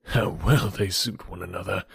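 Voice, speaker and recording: A man voicing a charming young gentleman who talks in a lively, teasing way. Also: low-pitched, normal speed, gravelly, slightly rough, no room sound, clean studio sound, exaggerated voice.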